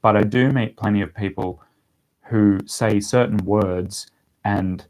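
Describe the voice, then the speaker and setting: A man's voice: lowish voice, measured pace. A young man casually chatting on a livestream and answering viewer questions, rambling with lots of ums. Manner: relaxed, rambling, with frequent ums and laughs. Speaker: language-learning YouTuber answering live chat.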